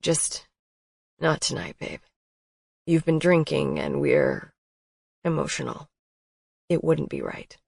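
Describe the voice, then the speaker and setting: Woman reading a young man in a romance, tender, low, soft, dry sound. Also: slow, vocal fry, pauses often, husky, dry recording, exaggerated voice. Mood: gentle.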